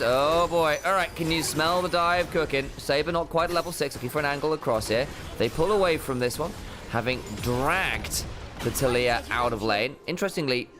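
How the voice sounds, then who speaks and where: A man casting a pro game with quick play-by-play calls and silly, rambling asides. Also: mid-range voice. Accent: English. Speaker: esports caster. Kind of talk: play-by-play esports commentary. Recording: music bed under the voice.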